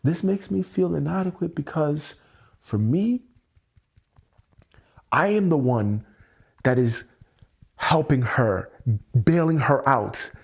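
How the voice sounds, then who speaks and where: A man hosting a livestream, venting angrily and swearing, keeping his voice low at home at night so he won't wake anyone. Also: expressive, slow pace, creaky, pauses often, slightly rough. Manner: angry, swearing, exasperated. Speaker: livestream host.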